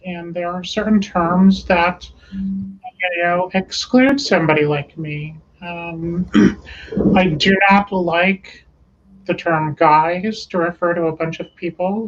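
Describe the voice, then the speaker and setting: A woman speaking as an interview guest, measured and pausing often with "um". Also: fairly low pitch, highs cut off. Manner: measured, with frequent "um" pauses. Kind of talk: interview conversation.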